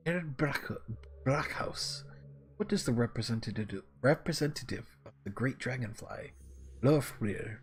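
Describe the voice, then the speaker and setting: A man voicing a cold, formal wealthy patriarch who speaks in stiff, measured sentences. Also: medium pitch, expressive, a little hiss or hum.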